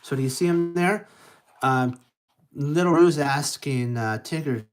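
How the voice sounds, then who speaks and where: A storytime reader reading a picture book to young children, slow and halting, with stumbles and asides. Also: mid-range voice, low-quality recording.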